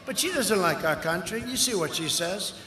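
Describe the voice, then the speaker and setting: An older man giving a campaign rally speech outdoors, boastful and rambling, with punchy repetitions, heard through a loudspeaker. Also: sits high, animated, moderate pace. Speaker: political candidate. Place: outdoor rally before a large crowd. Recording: echoey outdoor PA with crowd noise.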